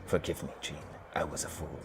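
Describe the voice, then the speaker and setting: A man voicing a male troll mystic who mumbles quietly to unseen beings, read aloud from a game. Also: extremely low pitch, level tone, brisk, soft background music, pitched below the performer's own voice. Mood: distracted mumbling. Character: muttering male troll mystic, half in another world.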